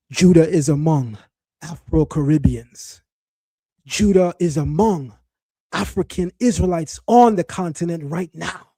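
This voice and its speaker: A middle-aged man, the son of West Indian parents, hosting a commentary talk to a live chat in an animated, mocking, emphatic way, often restarting his phrases. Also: on the high side, no room sound, clean studio sound. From child of West Indian parents. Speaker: host.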